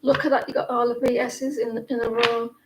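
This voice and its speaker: A woman's voice: on the high side, flat delivery, brisk. A woman giving casual tarot readings on a live stream, chatty and rambling, often laughing. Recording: echoey room, faint noise.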